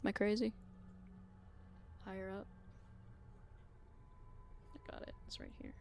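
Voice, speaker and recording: A woman's voice: medium pitch, wildly swooping pitch, unhurried, gravelly, a little mellow, slight background noise. Chatty young woman streaming a game. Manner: rambling, chatty, loses her train of thought. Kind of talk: casual live-stream chat while gaming.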